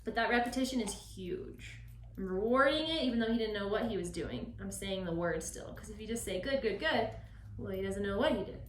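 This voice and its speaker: A woman dog trainer explaining a puppy session, switching between calm explanation and high, bright praise for the dog. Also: fairly quick, a little hiss or hum. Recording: echoey, from a distance.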